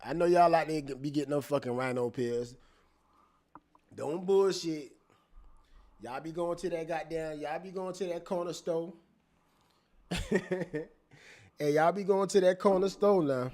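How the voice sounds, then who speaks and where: Man, slightly high voice, animated, laughing, profane casual commentary, repeats himself. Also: measured pace, pauses often. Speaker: commentator reacting to court testimony.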